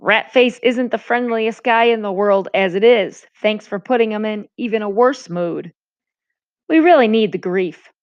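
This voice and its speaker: A woman's voice: mid-range voice, normal speed, no echo, natural voice. A woman reading aloud and voicing a sarcastic, exasperated teenage boy in a storybook, over a dull lo-fi recording. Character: sharp-tongued teenage boy.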